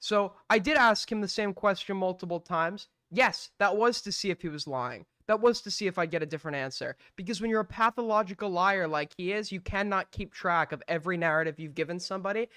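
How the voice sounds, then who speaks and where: A man with a high, bright and clear voice holds forth on his stream, blunt and argumentative, swearing freely. The sound is dry and close. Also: brisk, no room sound. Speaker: streamer host. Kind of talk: heated live-stream commentary.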